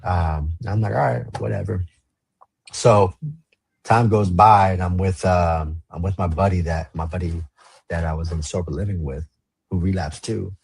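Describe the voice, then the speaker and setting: A man's voice: sits low, fairly even intonation, normal speed, a little mellow, husky, dry recording. A man from the Los Angeles area, a podcast guest telling his story in casual, slang-heavy, profane talk. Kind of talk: storytelling interview.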